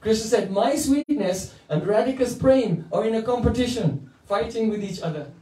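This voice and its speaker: A man with a high-pitched, warm voice speaks at a normal pace, giving a playful devotional lecture full of stories and bursts of chanted verse. He is a spiritual teacher. The recording is echoey, with the mic placed at a distance.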